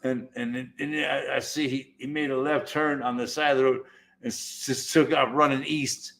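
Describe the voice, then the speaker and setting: A man telling a rambling tale in casual conversation, his voice gravelly and rough at the edges. He swears constantly and tells it with animated energy, sitting at an everyday middle pitch. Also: normal speed. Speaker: podcast host. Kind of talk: casual chat.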